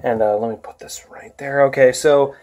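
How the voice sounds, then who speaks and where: A man's voice: medium pitch, fairly even intonation, normal speed, darkish tone, a little hiss or hum. Tired young man rambling into his phone. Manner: rambling, tired, many fillers and restarts. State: tired and worn out. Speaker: vlogger. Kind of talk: casual vlog talk. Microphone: phone camera.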